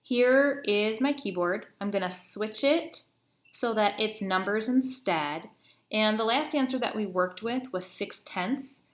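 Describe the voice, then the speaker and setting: Recorded in a room with echo, this math lesson video features a woman teacher of medium pitch and measured pace. She patiently walks her students through each step, counting out loud.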